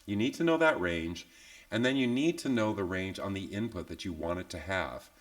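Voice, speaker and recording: A man with a slightly low voice walks viewers through a live online software tutorial. He talks in an easy, conversational way, tossing in "yeah?" checks and little jokes at his own expense. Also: moderate pace. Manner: relaxed, chatty, tag questions like "yeah?"; self-deprecating asides. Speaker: software instructor.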